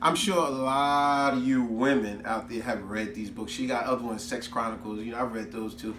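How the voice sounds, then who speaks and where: Animated man reviewing a book, roomy echo. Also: mid-range voice, normal speed. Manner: animated, colloquial storytelling. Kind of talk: casual book review vlog. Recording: roomy echo, faint background noise.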